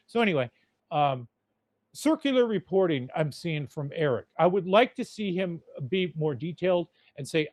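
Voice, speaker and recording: Male podcast host, cursing, blunt rambling rant, slightly high voice, dry close sound. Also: expressive, normal speed, darkish tone, dry recording. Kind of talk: casual rant.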